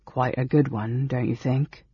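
A man reading a story aloud, voicing a calm, scheming male elf senator in a low, quiet, sarcastic tone. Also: normal speed, creaky, slightly rough, no echo. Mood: sly. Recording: dull, dry lo-fi recording.

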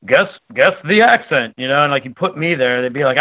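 Guy calling in to a podcast, rambly and halting, dry muffled phone sound. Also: mid-range voice, animated, no echo. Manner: rambling, self-deprecating, halting. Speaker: guest calling in. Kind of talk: casual interview chat. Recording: dull dry phone call.

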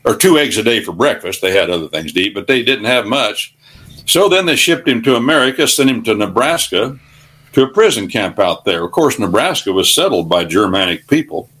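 Older male radio guest, low voice, folksy preacher-style storyteller who rambles. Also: animated, a little fast, fairly bright tone, breathy edge.

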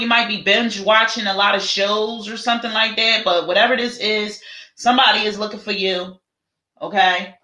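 Chatty, dramatic tarot reader, bright voice. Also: medium pitch. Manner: chatty, dramatic, calls listeners honey and child. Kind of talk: live tarot reading, casual chat to viewers. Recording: roomy echo.

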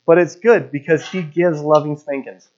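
A man's voice: fairly high pitch, steady tone, normal speed, darkish tone. A man in his thirties preaching a sermon as a pastor, talking conversationally and telling stories with casual fillers. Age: 30s. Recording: dull lo-fi recording.

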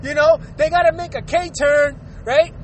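A man's voice: very high-pitched, fairly even intonation, moderate pace, slight background noise. A man hosting his own show, ranting profanely about bad drivers and laughing often as he talks. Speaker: podcast host. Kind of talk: casual comedic rant.

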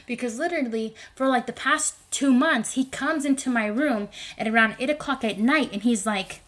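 A young woman talking through a casual solo podcast. She rambles in an animated way and fills her talk with "like" and "um." Her voice sits fairly high. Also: normal speed, hardly any pauses. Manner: rambling, animated, lots of fillers. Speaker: podcast host.

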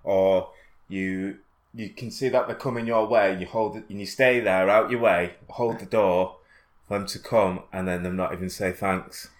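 A man co-hosting a casual podcast, teasing his friend with dry, deadpan jokes. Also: sits low, moderate pace. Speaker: podcast co-host. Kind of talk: casual banter.

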